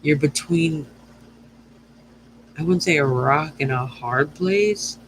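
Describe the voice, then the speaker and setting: A woman's voice: sits low, slow pace, slight background noise, rough recording. A woman talking straight to her viewers in a loose, channeled astrology reading. She wanders from thought to thought, stumbles over her own phrasing and restarts it, and swears without a second thought. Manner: rambling, profane, self-correcting. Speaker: astrology and tarot reader.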